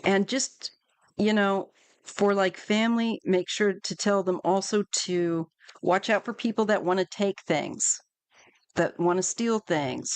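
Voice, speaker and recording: A woman's voice: mid-range voice, a little slow, clear, resonant tone, dry recording. A woman doing a live tarot reading for viewers, chatty and reassuring, with many fillers and restarts. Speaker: tarot reader.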